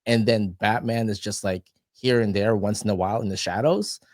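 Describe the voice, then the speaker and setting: A young adult man chatting as a guest on a podcast, his voice sitting a bit low. He rambles through his points with plenty of fillers and bursts of animation. The sound is dry and close to the mic. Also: fairly even intonation, brisk, a little mellow, no echo. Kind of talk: casual chat.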